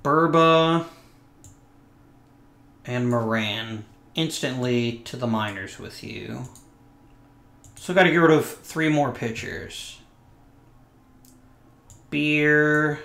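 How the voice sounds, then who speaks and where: A man's voice: medium pitch, expressive, extremely slow, gravelly, pauses often, a bit bright, echoey room. A man hosting a casual let's play, giving wry commentary with muttered asides to himself.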